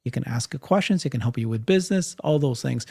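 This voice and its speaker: A man co-hosting a podcast, talking in a casual, animated way, often laughing and restarting his sentences. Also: mid-range voice, fast, vocal fry, breathy edge. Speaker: podcast co-host. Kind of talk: casual panel chat.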